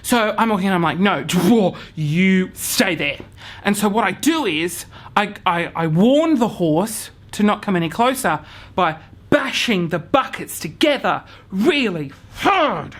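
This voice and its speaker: Speaking in a high, animated voice at a measured pace, a young man vlogs to camera. He performs a comic tale of his own panic, switching between hushed whispers, curses and abrupt shouts.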